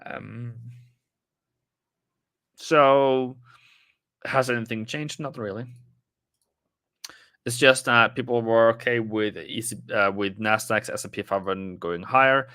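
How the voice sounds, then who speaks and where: A man's voice: mid-range voice, takes it slowly, long pauses, sharp tone, clear, resonant tone, dry recording, studio quality. A man casually commenting on a live trading stream, rambling and chatting with viewers as he goes through the charts.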